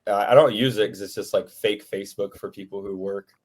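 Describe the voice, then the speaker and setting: A man's voice: on the low side, fairly even intonation, a little fast, a little mellow. A man talking casually as a podcast guest, rambling with many fillers. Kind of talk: casual chat.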